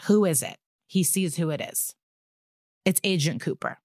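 A woman's voice: on the low side, normal speed, no echo, studio quality. A woman co-hosting a podcast, recapping an episode in casual chat and acting out the characters' lines. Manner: animated retelling with acted-out quotes and swearing. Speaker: podcast co-host.

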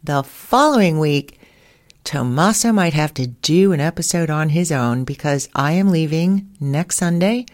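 Low-voiced chatty woman host. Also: measured pace. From United States. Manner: chatty, laughs often, animated anecdotes. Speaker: podcast host. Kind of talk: casual storytelling monologue.

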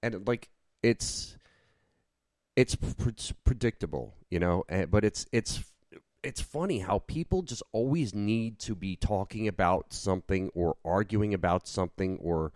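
Podcast co-host, easygoing man, deep voice, dry close mic, rambly casual chat. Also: animated, a little slow, darkish tone, no echo. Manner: laid-back, rambling with many fillers.

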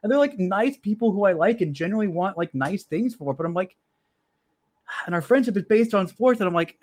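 A man's voice: high-pitched, lively intonation, moderate pace, dry recording. Chatty young man hosting a podcast. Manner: chatty, self-deprecating fan talk. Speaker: podcast host. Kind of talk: casual sports chat.

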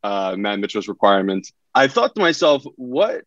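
A man's voice: on the low side, sing-song, moderate pace, a bit bright, no room sound, lo-fi sound. A man competing as a contestant on a podcast game show, rambling and self-mocking. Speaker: contestant, pro gambler. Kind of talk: casual game show banter.

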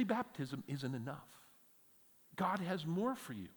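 Animated preaching man in a reverberant hall. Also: on the high side, slow, long pauses. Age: middle-aged. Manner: animated preaching storyteller, rising to emphatic peaks. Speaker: pastor. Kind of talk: sermon. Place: church hall.

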